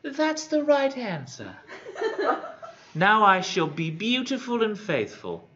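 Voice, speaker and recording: A man's voice: high-pitched, huge pitch swings, slow, bright, forceful tone, voice pushed up, heavily acted. A man squawking as a crass Cockney old hag. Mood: triumphant. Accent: put-on Cockney. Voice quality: harsh, atrocious-sounding. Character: crass ugly old hag woman, brash. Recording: muffled lo-fi classroom recording.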